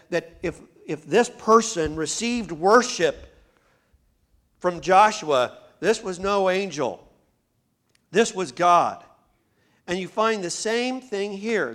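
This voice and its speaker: Animated preacher man, high lively voice. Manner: preaching with rising emphatic bursts and direct address to the congregation. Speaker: pastor. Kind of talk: sermon. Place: church sanctuary.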